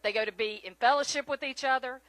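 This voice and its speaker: A woman's voice: high voice, fast talker, a bit bright, dry recording. A woman with a Middle Georgia Southern accent giving a folksy, chatty rally speech, often turning to the crowd with questions. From Middle Georgia, USA. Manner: folksy, chatty, keeps asking the crowd "right?". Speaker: state senator and candidate.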